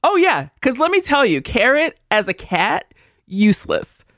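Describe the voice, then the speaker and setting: Animated woman telling a story. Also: high voice, unhurried, no echo, studio quality. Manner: animated storyteller, acts out her cat. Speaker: podcast co-host. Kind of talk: casual chat. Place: converted barn in the country.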